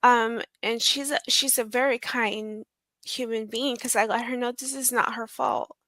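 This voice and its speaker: A woman guest in an interview, telling a personal story in a halting, emotional way with many pauses. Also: on the high side, steady tone, pushed and bright, no room sound.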